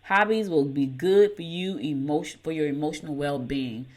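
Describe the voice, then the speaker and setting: A middle-aged woman hosting a morning show reads horoscopes and tells folksy stories, laughing at herself along the way. Her voice sits low and is a little mellow, and she talks at normal speed in this casual chat.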